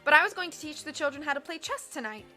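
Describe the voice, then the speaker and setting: A woman reading aloud and voicing a mild, meek husband who speaks gently and apologetically. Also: high voice, animated, fast, faint music behind, heavily acted. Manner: soft-spoken, apologetic. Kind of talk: audiobook character voice.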